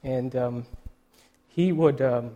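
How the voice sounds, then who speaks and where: A male pastor giving a sermon, emotional and choked up, halting with many restarts and fillers. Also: mid-range voice, warm tone.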